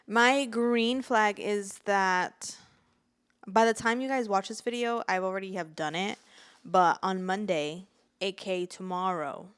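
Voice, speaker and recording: A young woman with a smooth, clear voice chats casually as a podcast co-host. She jokes and teases, keeping things light. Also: mid-range voice, a bit bright. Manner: playful, joking, laughs often. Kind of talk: casual chat.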